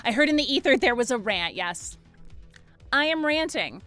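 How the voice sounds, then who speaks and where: A woman's voice: on the high side, big pitch swings, moderate pace, fairly bright tone, faint music behind. A woman in her twenties, a streamer delivering a fired-up, emphatic rant to her chat, with some swearing. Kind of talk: livestream rant.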